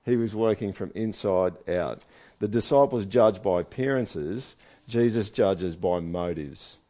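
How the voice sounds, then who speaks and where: A man's voice: on the low side, a little slow, dark tone. A man preaching a sermon in a conversational way, asking his listeners one rhetorical question after another. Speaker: pastor.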